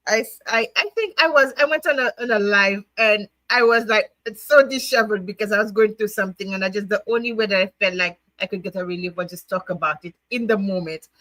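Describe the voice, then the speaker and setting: A woman's voice: a little high, pushed and bright, no echo, rough recording. A woman hosting her own livestream show, chatting to viewers in a grateful, heartfelt way, laughing often and restarting her words. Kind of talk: casual heartfelt chat to viewers.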